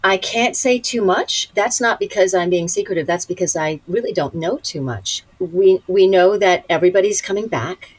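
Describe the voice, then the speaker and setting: A woman actress being interviewed, telling lively stories with frequent laughter. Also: fairly low pitch, moderate pace, few pauses, breathy edge, dry recording, low-quality recording. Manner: lively, laughs often, acts out quotes. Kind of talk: animated storytelling.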